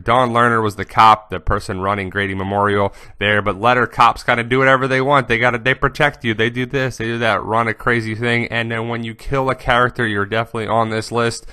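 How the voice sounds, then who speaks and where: A man's voice: fairly low pitch, sharp tone, clean tone, no room sound, studio quality. A man hosting a casual fan commentary, chatty and offhand as he runs through a list. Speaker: host.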